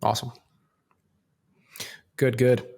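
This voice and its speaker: A man's voice: medium pitch, completely flat delivery, slow pace, vocal fry, a little mellow. A young man co-hosting a casual podcast, talking in an easygoing way and steering the chat. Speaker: podcast co-host.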